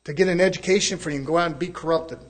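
Male preacher, folksy sermon, swells loud then drops soft, slightly high voice. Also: racing. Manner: folksy, rising and falling in volume, preaching cadence.

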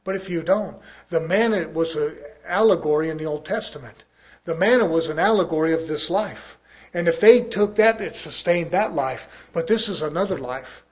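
A man preaching a sermon to his congregation, repeating phrases and swinging between soft asides and loud, pleading peaks. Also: on the high side, moderate pace. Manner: rhythmic, call-and-response pleading.

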